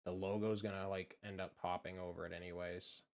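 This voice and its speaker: A man's voice: low-pitched, little pitch movement, a little fast. A man from just south of Boston with a Boston accent, chatting in a rambling, profane, laid-back way while he draws. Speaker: channel host. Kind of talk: casual chat while drawing.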